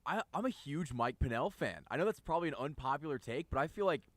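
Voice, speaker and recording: A man's voice: fairly high pitch, lively intonation, fast, no echo. A man working as a radio producer, chiming in tentatively with his opinions during casual sports talk.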